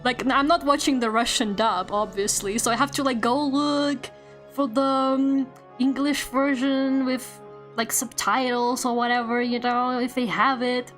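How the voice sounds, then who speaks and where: A woman's voice: high voice, steady tone, a little slow, a bit bright. A woman VTuber chatting casually while she draws on stream, rambling, laughing often and swearing offhandedly. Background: faint video game soundtrack music.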